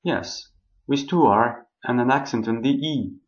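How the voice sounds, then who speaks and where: A man speaks at an unhurried, measured pace, shaping every syllable with care as he walks the listener through a tongue twister. His voice sits at a middling pitch, and the recording sounds dull and lo-fi. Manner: slow, careful, deliberate enunciation. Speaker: speaker introducing himself. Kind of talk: friendly self-introduction with a pronunciation exercise.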